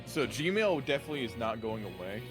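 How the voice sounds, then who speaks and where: A man's voice: mid-range voice, very animated, brisk, over music. A man co-hosting a livestream, joking in a dry, sarcastic way. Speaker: co-host. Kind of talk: casual livestream chat.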